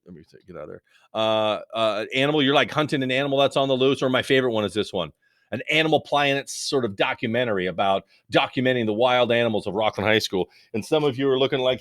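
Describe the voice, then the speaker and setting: A man's voice: medium pitch, a bit bright, no echo. A man teaching a recorded video lesson in a rambling, joking, conversational way into a close mic.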